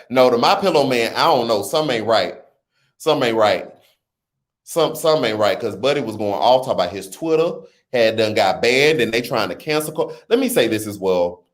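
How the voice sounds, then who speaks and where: A man hosting a casual livestream, reading viewer comments and chatting with his audience in an animated, talkative way. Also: medium pitch. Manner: chatty, animated, talks straight to his chat. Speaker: livestream host.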